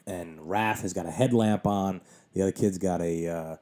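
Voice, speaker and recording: A man hosting his own podcast, telling a long story in a casual, animated way with lots of swearing and exasperation. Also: low-pitched, normal speed. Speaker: podcast host.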